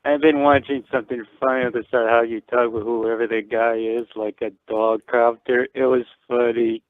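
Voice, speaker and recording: A man's voice: mid-range voice, little pitch movement, normal speed, dry recording. A man calling in to a live show, rambling and hesitant, with many fillers. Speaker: caller. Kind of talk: casual call-in chat. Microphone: phone call. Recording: tinny dry phone line.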